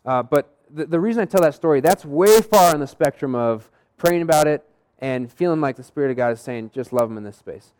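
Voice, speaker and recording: A man's voice: a little high, brisk, darkish tone, clear, resonant tone. A young adult man preaching a sermon in a conversational storytelling style, acting out the voices of people in his stories. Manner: conversational, acts out quoted dialogue. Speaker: pastor.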